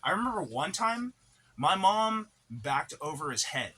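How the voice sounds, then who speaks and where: A man's voice: on the high side, big pitch swings, a little slow, sharp tone, husky. A man co-hosting a podcast, telling long rambling stories in casual chat, packed with fillers and swearing. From Native American reservation community. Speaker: podcast co-host. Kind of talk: casual storytelling.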